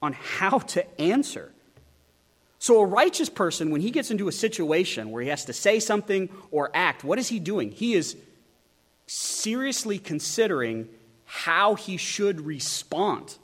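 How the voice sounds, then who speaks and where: A man preaching an expository sermon, emphatic and animated, asking the listeners many rhetorical questions. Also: high-pitched, measured pace, husky. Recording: long hall reverb.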